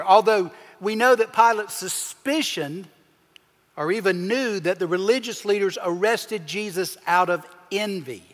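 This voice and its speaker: A man preaching a sermon as pastor, with emphatic swings in pitch and loudness as he acts out the people he quotes. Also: lively intonation, measured pace. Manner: preaching with emphatic shifts, acting out quoted voices. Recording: long hall reverb.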